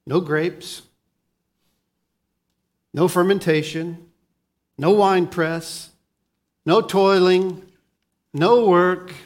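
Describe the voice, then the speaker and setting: A man preaching a sermon as pastor, swinging between soft, low lines and loud, lively ones, often restarting his words. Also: very slow, pauses often.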